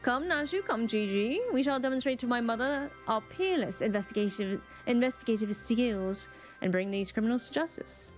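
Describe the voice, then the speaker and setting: Hildibrand, a grandiose, self-important gentleman detective from a fantasy game, as a woman reads him aloud. He speaks in flowery, showy phrases and sits a touch high for a man. His manner is puffed up and dramatic. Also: normal speed, soft background music, close to an everyday voice. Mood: indignant. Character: pompous theatrical male gentleman inspector.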